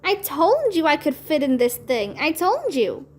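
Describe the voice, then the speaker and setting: A woman voicing an excitable, bossy little first-grade girl from a children's storybook, speaking shrill, pleading and overexcited. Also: unhurried. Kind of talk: children's storybook read-aloud.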